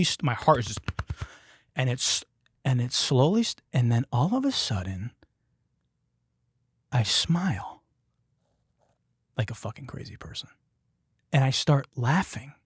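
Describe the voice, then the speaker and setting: A man's voice: mid-range voice, no echo, clean studio sound. A man from Detroit hosting a podcast, telling a story in a profane, emphatic way. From Detroit, United States. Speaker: podcast host. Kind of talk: comedic storytelling.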